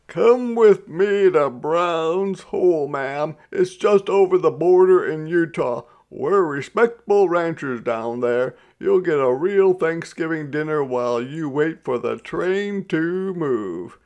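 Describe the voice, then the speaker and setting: A man voicing a hearty frontier rancher, loud and drawling, with a gravelly edge. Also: fairly high pitch, expressive, takes it slowly, few pauses, muffled recording, pitched above the performer's own voice. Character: hearty frontier man, mid-aged, bold talker.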